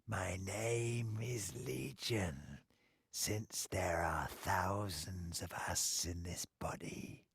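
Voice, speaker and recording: A rasping, semi-human demon, put on by a male narrator, speaks in a gravelly, creaking voice. The words crawl out slowly and sneer, and the sound is dry and close with no room around it. It is a possessed creature in an audiobook. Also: a bit bright, no echo, exaggerated voice. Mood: hollow whisper. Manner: slow and sneering, breaking into shrill pleading. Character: rasping male demon legion, cowering and wheedling. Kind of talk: audiobook character voice.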